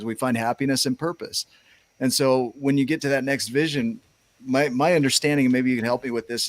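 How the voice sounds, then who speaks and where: A man's voice: mid-range voice, dry recording. A man hosting a talk show, reflecting thoughtfully aloud in casual conversation. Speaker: show host. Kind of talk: casual interview chat.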